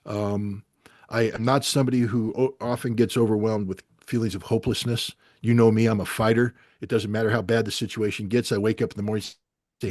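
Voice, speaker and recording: A man's voice: lowish voice, fairly even intonation, a little fast, darkish tone, no room sound. Emphatic, frustrated man, dry sound. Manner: frustrated, emphatic, restarts often. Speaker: guest commentator. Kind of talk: impassioned talk show discussion.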